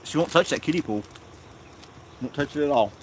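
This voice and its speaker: A man chatting casually on a live stream in his yard, rambling and unhurried, talking fondly to his dog. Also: a little high, animated, background noise. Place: outdoors in a yard.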